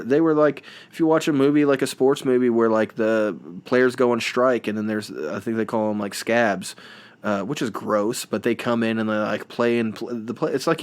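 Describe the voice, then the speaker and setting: A young man hosting a solo podcast, rambling and self-deprecating with lots of restarts and fillers. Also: fairly low pitch. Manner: playful mimicking of reality show voices. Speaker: podcast host.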